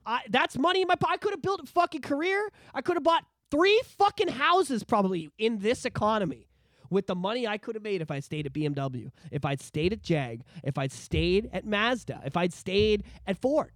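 A man, co-hosting a podcast in casual chat, ranting in a profane, animated way. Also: sits high, brisk, no echo, studio quality. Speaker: podcast co-host.

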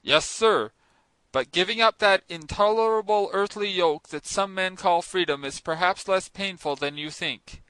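Man voicing a stern sea captain, cold, commanding, measured, ringing bright tone, high-pitched. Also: clear, resonant tone, no echo, poor audio. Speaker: narrator voicing characters. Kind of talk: audiobook reading.

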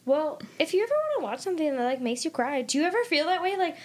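Young female co-host, slightly high voice, effusive and repetitive, casual chat. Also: expressive, rapid-fire. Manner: gushing, emphatic, repeats words. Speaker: podcast co-host.

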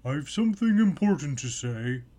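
A man's voice: a little high, sing-song, normal speed, warm tone, voice pushed up. A man voicing a stern, languid male caterpillar in a storybook reading, speaking in short, sleepy, clipped remarks. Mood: curt. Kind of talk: storybook read-aloud.

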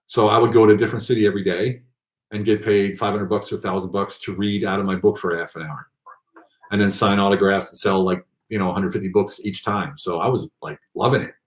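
A man telling rambling, animated anecdotes with many fillers in a casual interview. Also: fairly low pitch, fast, roomy sound. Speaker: guest.

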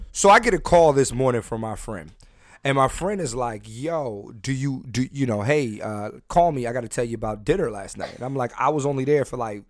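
Telling stories on his laid-back podcast, the host is brash and foul-mouthed, wandering and starting sentences over. His medium-pitched voice is captured in studio quality with no echo.

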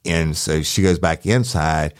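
A middle-aged man tells a true-crime story in a rambling, profane way, acting out what people said. His voice sits extremely low and deep. The recording is dry and close, with no room sound. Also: measured pace, dry recording. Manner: rambling, profane, acts out quotes. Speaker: podcast host, former sheriff's deputy.

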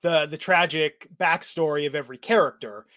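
A man's voice: fairly high pitch, moderate pace, pushed and bright. A man hosting a casual podcast chat, talking with a sarcastic, mocking manner. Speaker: podcast host.

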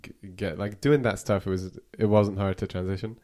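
A man's voice: fairly low pitch, steady tone, fairly quick, mellow. A man in casual podcast chat, rambling with lots of "like" and casual swearing. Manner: casual, fills with "like", swears freely. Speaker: podcast guest.

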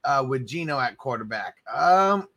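A man hosting a casual live stream, answering viewers and giving hyped shout-outs. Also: medium pitch, expressive, slow. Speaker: livestream host.

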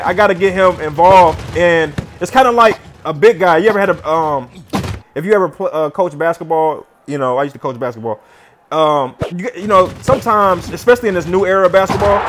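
Over a noisy background, this gamer talks through his football video game play with plenty of slang and chatter, his volume jumping from shouts down to mumbles.

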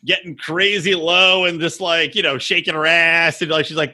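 A man's voice: a little high, fairly even intonation, moderate pace, few pauses, sharp tone. A man co-hosting a casual podcast, crude and mocking, who acts out the people he quotes in silly voices. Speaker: podcast co-host. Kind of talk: casual chat.

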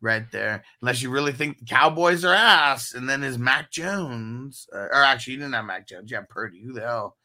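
Male host, casual and loose, with lively, bright delivery and plenty of laughs. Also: mid-range voice, normal speed, few pauses. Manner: loose, laughing, profane banter. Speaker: fantasy football podcast host. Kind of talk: casual chat.

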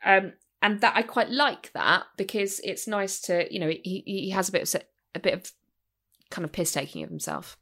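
A woman's voice: medium pitch, normal speed, creaky, fairly bright tone. A woman co-hosting a podcast in casual, chatty conversation, swearing now and then. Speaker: podcast co-host. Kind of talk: casual chat.

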